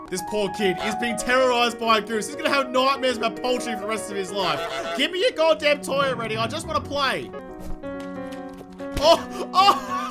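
A young man giving playful, excitable gameplay commentary, giggling and swinging between hushed scheming and loud outbursts. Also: very high voice, a little fast, over loud music. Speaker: gaming YouTuber.

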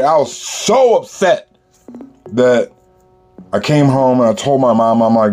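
A man's voice: a little high, normal speed, a little mellow, faint music behind. A man telling a childhood story in casual, streetwise slang, with lots of "you know.".

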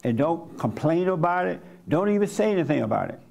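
A man pastoring a small church gathering, speaking with a gravelly edge. He teaches in plain, blunt, colloquial talk and keeps calling on people in the room. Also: on the high side, very animated, a little fast, darkish tone. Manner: blunt, conversational, colloquial, questions the congregation.

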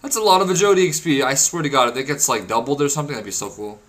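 A young man narrating his gameplay with a bright, sharp tone. He is excitable and crude, swearing freely and laughing or whooping when things go his way. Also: medium pitch, rapid-fire, few pauses. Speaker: gaming video creator. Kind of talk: casual gameplay commentary.

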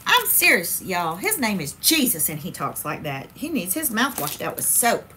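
A woman's voice: lowish voice, big pitch swings, normal speed, bright, forceful tone, slight background noise. A woman hosts a casual crafting livestream, chatty and playful, talking straight to her viewers.

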